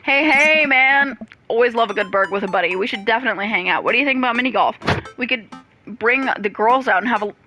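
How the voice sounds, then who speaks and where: A chummy, bro-ish jock dad from a dating-sim game, pitched up and louder than the narration, all easy buddy talk with a competitive streak, as a woman puts him on. Quiet music plays behind. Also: fast.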